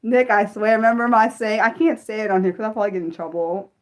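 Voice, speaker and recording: A woman's voice: medium pitch, fairly even intonation, fast talker. A woman hosting an unscripted livestream, reading her chat aloud and venting with frequent swearing. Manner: reads and answers chat aloud. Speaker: livestream host.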